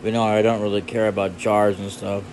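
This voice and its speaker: A man's voice: fairly low pitch, little pitch movement, fairly quick, a little mellow, a little hiss or hum. A man rambling goofily over a puzzle game, talking to himself and humming nonsense. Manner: goofy, rambling, hums nonsense tunes. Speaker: gaming channel host. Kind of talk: casual gameplay commentary.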